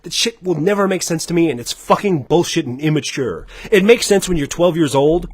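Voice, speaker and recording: A man goes off in a heated, profanity-laced rant as a livestream co-host. His voice sits fairly high and leaps all over the place as he works himself up. The sound is husky, and the room is dead dry. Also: expressive, fairly quick, no room sound. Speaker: gaming podcast co-host. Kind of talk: casual livestream chat.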